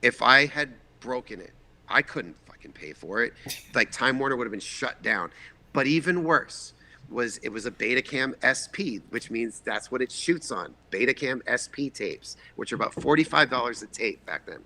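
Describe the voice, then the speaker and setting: A man in his forties from the Boston area, a guest filmmaker telling a lively, profane anecdote and acting out the voices in it. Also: medium pitch, normal speed. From Boston area, USA. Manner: animated, profane, acts out voices in his stories. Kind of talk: casual storytelling anecdote.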